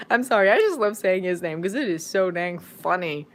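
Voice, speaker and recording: An adult woman who reads fanfiction aloud, chatting casually from home in a live-stream Q&A. She rambles and jumps into sudden bursts of excitement. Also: lowish voice, normal speed, few pauses. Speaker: fanfiction audiobook narrator and streamer.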